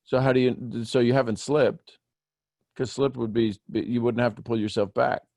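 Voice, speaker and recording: Guy running a coaching call over video, lively, teasing, dry close sound, asks question after question. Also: medium pitch, normal speed, vocal fry, dry recording. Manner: animated, teasing, questioning step by step. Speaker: host coaching callers. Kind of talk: live group coaching call.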